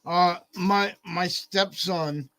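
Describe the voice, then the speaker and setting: High-voiced, halting chatty man. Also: fairly even intonation, a bit bright, no room sound. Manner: halting, repeats words, profane. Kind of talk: casual chat.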